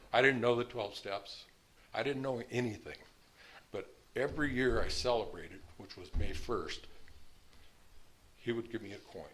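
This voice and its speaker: With a lowish, slightly bright voice and a little hiss or hum in the recording, a man in his sixties tells his personal recovery story. His manner is blunt and plain, with occasional laughter about his past.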